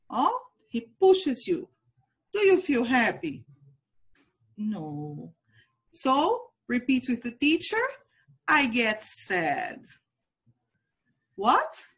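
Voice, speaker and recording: A woman with a Brazilian Portuguese accent teaches English to small children in a slow, drawn-out sing-song. Her voice is fairly high and slightly husky, swooping up and down as she repeats each phrase. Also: a bit bright. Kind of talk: children's language lesson.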